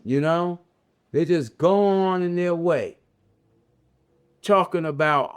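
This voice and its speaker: An older man with a Southern US drawl, giving a slow, conversational religious reflection with drawn-out, repeating phrases. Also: on the high side, expressive. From American South, raised in a city. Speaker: religious teacher.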